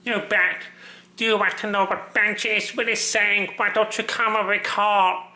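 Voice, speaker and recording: A chirpy, childlike sock puppet reads a storybook in a slow, sing-song lilt, as a man puts it on. The tone is bright and edgy with a gravelly catch, and the echoey room at home rings around it. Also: high-pitched, little pitch movement, exaggerated voice. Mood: playful. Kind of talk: reading a picture book aloud.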